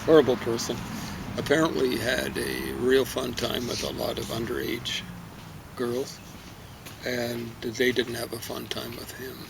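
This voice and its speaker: A man's voice: mid-range voice, level tone, a little slow, vocal fry, noisy background. A man giving a casual spoken book review, rambling and stumbling over foreign names. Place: outdoor garden.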